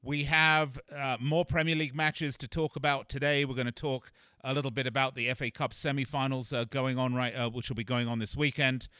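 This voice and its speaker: A man hosting a sports betting radio show, upbeat and boastful, with a salesy pitch. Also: level tone, fairly quick, sharp tone, clean tone, no echo, clean studio sound.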